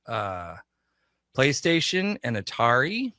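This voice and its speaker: As a guest in a storytelling interview, a man who owns a shop acts out the dialogue of everyone in his long tale. He speaks at normal speed in a mid-range, bright, forward voice, recorded close and dry without any echo.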